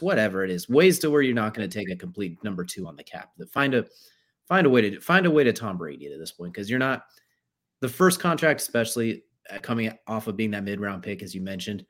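A man's voice: lowish voice, fairly bright tone. A man co-hosting a sports podcast, reasoning aloud in a conversational way. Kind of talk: casual sports talk.

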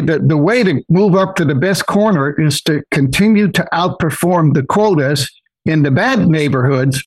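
A man's voice: a little high, dry recording, poor audio. An older man, a podcast guest, telling a personal story in a rambling, folksy way, often saying "so anyway".

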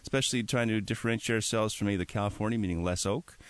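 A man's voice: fairly low pitch, dry recording. A man hosting a radio show, chatting casually and joking about wine in a studio. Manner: chatty, joking, quick with asides.

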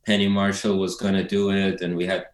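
A man's voice: sits low, completely flat delivery, brisk. A man in an interview, telling stories in a loose, rambling way. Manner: rambling, storytelling, laughs while recounting. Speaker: documentary director, guest. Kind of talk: casual interview talk. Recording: echoey room.

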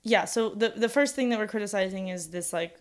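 A young woman in casual conversation, talking things through out loud with lots of fillers and restarts. Her voice sits at an ordinary middle pitch for a woman, easygoing and conversational. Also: fairly quick. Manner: chatty, thinks aloud with many fillers. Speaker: podcast co-host.

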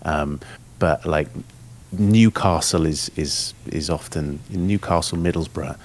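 A man's voice: very deep voice, measured pace, darkish tone. A man, a guest on a casual podcast, chatting with enthusiasm and many fillers. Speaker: guest voice actor.

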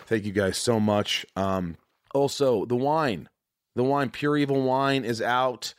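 Speaking slowly in a mid-range voice, a male podcast host rambles with many restarts and fillers. It's a casual, candid chat, frank, emotional and profane, captured as clean studio sound without echo.

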